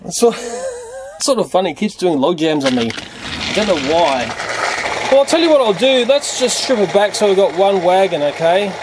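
A middle-aged man with a high voice runs a hands-on toy demonstration, chatting to his viewers and chuckling as he goes. A loud mechanical whirr and background noise run under his voice throughout. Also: wildly swooping pitch, moderate pace. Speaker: toy reviewer.

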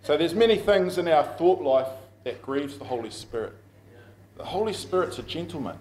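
A man's voice: a little high, lively intonation, normal speed, darkish tone. A middle-aged man with a New Zealand accent preaching a sermon as pastor, telling stories in a conversational way and laughing at himself. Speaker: pastor and school principal. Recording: echoey room.

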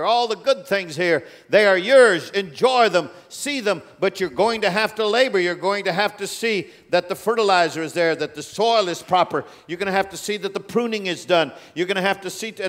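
A man preaching a sermon as a guest speaker, swinging between loud, drawn-out declarations and quiet, low rebukes, in a large church auditorium. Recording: long reverb of a big hall.

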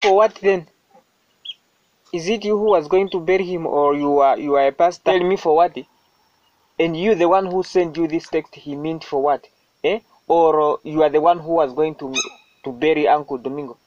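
A man's voice: a little high, normal speed, a little mellow, muffled recording. A man performing a comedy skit, accusing someone and demanding again and again why.

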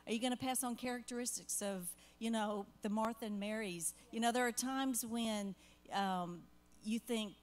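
A woman's voice: on the high side, moderate pace. An older woman, a grandmother, sharing heartfelt parenting advice in a church Q&A conversation, earnest and rambling with asides.

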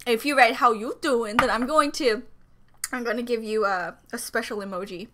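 A woman host reacting casually to a video, gushing and excitable, laughing often and chatting to her viewers. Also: on the high side, normal speed, slight background noise. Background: faint music from the video she watches.

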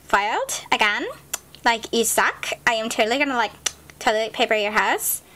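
A woman's voice: fairly high pitch, normal speed, pushed and bright, voice pushed down. A woman voicing a spoiled evil queen who is also the mayor, talking in bratty valley-girl slang in a parody sketch.

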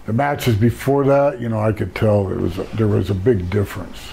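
A hoarse older man telling stories about his career in a casual interview, rambling and correcting himself. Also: fairly low pitch, steady tone, normal speed, mellow, a little hiss or hum, rough recording. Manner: rambling storyteller, self-correcting. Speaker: interview guest.

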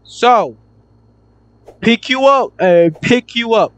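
A man's voice: very high voice, slow pace, no echo. A young man commentating a horror game playthrough, chatting in slang and yelping when startled. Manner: excitable slangy chatter, jumpy yelps. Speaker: gaming YouTuber.

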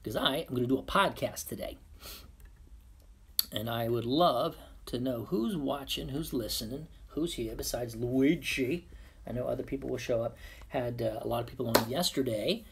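A man's voice: medium pitch, moderate pace, vocal fry, husky. A man hosting a casual live-stream podcast, playful and muttering silly asides to himself as he sets up at his computer. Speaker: podcast host on a livestream.

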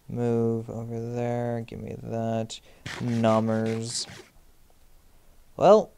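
A man's voice: medium pitch, mellow, a little hiss or hum. A young man commentating his own gameplay, jittery and self-mocking, yelping and pleading at monsters. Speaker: Minecraft let's player. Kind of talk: game commentary.

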